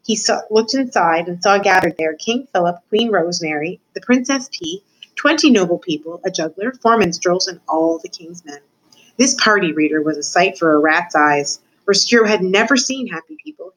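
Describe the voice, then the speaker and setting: A woman student reading a children's novel aloud, narrating with expressive voices for the characters. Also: medium pitch, low-quality recording. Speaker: student reader.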